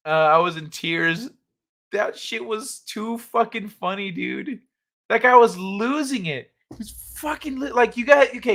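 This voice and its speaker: A man's voice: sits high, creaky. A man hosting a late-night livestream, chatting casually with viewers, laughing often and swearing while retelling stories. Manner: laughs a lot, swears, quotes people in animated voices. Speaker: livestream host. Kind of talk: casual chat with live chat.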